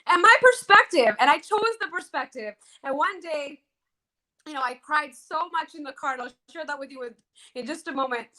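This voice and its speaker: A woman telling a personal story as an interview guest, emphatic and repeating key phrases slowly. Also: high-pitched, lively intonation, bright, forceful tone.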